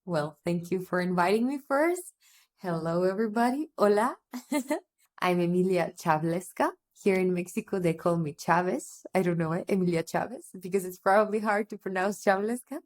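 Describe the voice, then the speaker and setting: A woman's voice: on the low side, lively intonation, moderate pace. A woman in her twenties from North Macedonia, a teacher chatting with enthusiasm in an interview, gushing and laughing often. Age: 20s. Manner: bubbly, gushing, laughs often, says "oh my God". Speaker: guest, English teacher. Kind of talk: casual interview chat.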